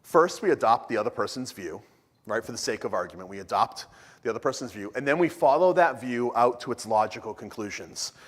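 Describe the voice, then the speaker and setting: A man giving an energetic, joking talk at a church conference, often restarting his sentences. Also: medium pitch, a little fast. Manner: animated, joking, frequent restarts. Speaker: conference speaker. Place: church hall. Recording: long hall reverb.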